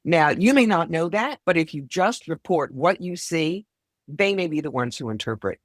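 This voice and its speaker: A woman's voice: low voice, lively intonation, moderate pace, no echo, studio quality. A woman being interviewed as a psychic guest, speaking bluntly with wry, self-deprecating humor. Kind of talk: conversational interview.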